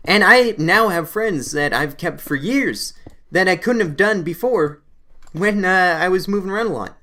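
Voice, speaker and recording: A man's voice: sits high, lively intonation, moderate pace, sharp tone. A young man from Canada, a gaming channel host, rambling animatedly through a casual story while playing a game.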